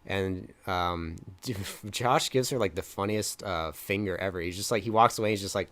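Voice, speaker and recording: Give me a low-pitched young man co-hosting a movie review, chatty and rambling. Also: moderate pace, a bit bright. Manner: rambling retelling with many fillers, acting out lines. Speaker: film review podcast co-host. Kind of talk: casual chat.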